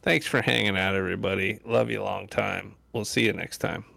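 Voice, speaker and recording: A man's voice: on the low side, fairly even intonation, a little fast, gravelly, sharp tone. A man co-hosting a gaming podcast in casual, joking chat, wrapping up the show. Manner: joking, laid-back. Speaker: podcast co-host.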